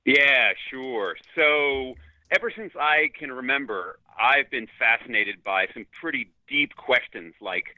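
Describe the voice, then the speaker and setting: A leadership consultant from New York City, appearing as a guest, answers interview questions in an upbeat, articulate manner at a measured pace. His voice is mid-range, and the audio is narrow and tinny with no echo.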